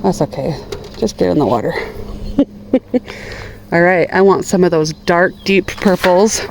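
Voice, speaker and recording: A woman's voice: on the low side, slow, gravelly, a little hiss or hum, poor audio. A middle-aged woman chatting to viewers while she gathers flowers in her outdoor garden, filmed by a camera on a tripod. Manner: chatty, gushing over flowers, talks to viewers while cutting. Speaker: gardening vlogger. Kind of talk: casual garden vlog talk.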